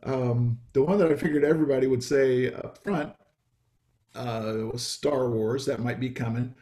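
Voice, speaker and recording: A man preaching in a relaxed, conversational way, often stopping for ums and small asides. His voice sits at an ordinary middle pitch for a man. He speaks as a pastor addressing his congregation over a video call. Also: moderate pace.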